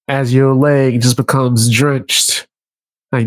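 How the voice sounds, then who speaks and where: Guy hosting a chat, animated storyteller, dry close sound. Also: mid-range voice, normal speed, no echo. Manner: animated storytelling, acts out scenes. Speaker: host. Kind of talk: casual commentary.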